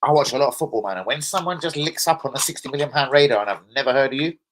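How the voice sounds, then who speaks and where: A man hosting a football fan stream, talking in an excitable, slangy, profane, rambling way. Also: mid-range voice, racing, noisy background. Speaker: host of a football fan channel. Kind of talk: casual live-stream chat.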